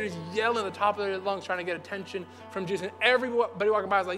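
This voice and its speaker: A man's voice: high-pitched, fairly even intonation, very fast, hardly any pauses, bright, forceful tone. A young man preaching a sermon as pastor in a casual, conversational way, acting out what the people in his stories say. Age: young adult. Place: church hall. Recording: hall reverb with faint music.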